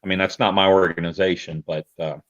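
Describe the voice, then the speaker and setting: Deep-voiced Indiana man on a dull call. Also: level tone, a little fast. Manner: hesitant, many ums and restarts. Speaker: guest, militia member. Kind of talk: casual interview over a video call. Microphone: video call.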